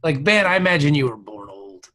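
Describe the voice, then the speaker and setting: A man's voice: fairly high pitch, very animated, pushed and bright. A man co-hosting a podcast in casual chat, joking around and laughing often. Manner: joking, jumps into quick impressions, laughs often. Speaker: podcast co-host.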